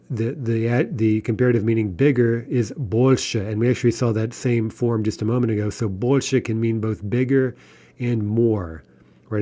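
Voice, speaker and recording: A man teaching a recorded grammar lesson, explaining step by step, checking in with "right?" and reading example words slowly. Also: lowish voice, mellow. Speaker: language teacher.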